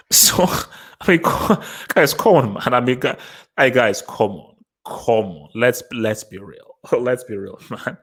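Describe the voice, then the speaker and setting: A man hosts a live football fan stream. He teases his viewers, repeats himself and laughs often. His pitch leaps far up and down as he gets worked up. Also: takes it slowly, breathy edge. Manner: taunting, excitable, repeats himself, laughs at chat. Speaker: host of a football fan show.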